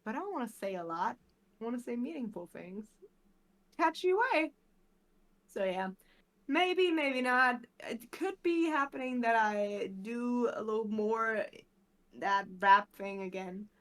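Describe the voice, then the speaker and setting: A woman's voice: on the high side, lively intonation, a little slow, fairly bright tone. A woman with a German accent, a native German speaker, talking loosely and chattily as a podcast guest and swearing freely. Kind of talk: casual chat.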